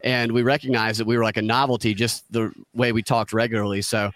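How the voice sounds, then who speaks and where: A man's voice: medium pitch, flat delivery, fairly quick, a bit bright, dry recording, clean studio sound. A man with a Southern US accent, chatting as a podcast guest, joking and slipping into put-on voices. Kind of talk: casual podcast chat.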